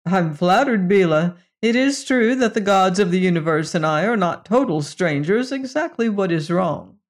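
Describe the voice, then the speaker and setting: A reader voicing a calm, courteous human space explorer in an audiobook story. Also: mid-range voice, normal speed, natural voice. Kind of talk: audiobook reading.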